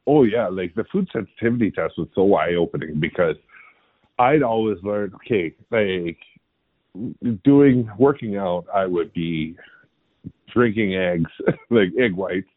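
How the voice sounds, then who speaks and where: A man's voice: sits low, unhurried, no room sound. Easygoing man on a tinny line. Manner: easygoing, chuckles between points. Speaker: podcast guest. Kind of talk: casual chat.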